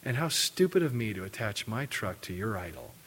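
A man's voice: fairly low pitch, a little fast, a little hiss or hum. Middle-aged male preacher, sermon storyteller who acts out the quotes. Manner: animated storytelling, acting out quotes. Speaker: pastor.

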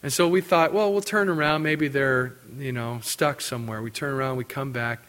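A middle-aged male pastor preaching a sermon, telling a personal story with lively acted-out quotes before reading scripture. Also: mid-range voice, moderate pace. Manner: animated storytelling, acting out quotes.

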